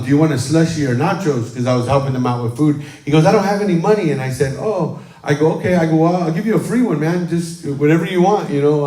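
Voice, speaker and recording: Livestreamed from a church sanctuary with roomy acoustics, a medium-pitched male pastor delivers casual sermon talk to his congregation. He's chatty and warm, telling stories with frequent "um" and "amen."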